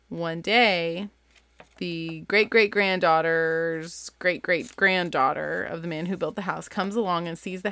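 A woman's voice: on the low side, creaky, fairly bright tone, no echo. A woman in her thirties, a parent, chatting enthusiastically about favorite picture books in a casual, rambling way. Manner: chatty, enthusiastic, lots of likes. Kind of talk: casual book recommendation chat.

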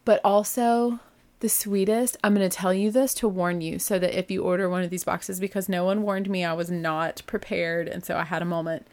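A woman's voice: fairly low pitch, level tone, moderate pace, a little mellow. A woman hosting her own podcast, talking casually and gushingly with lots of fillers and asides. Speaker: podcast host. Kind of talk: casual solo chat.

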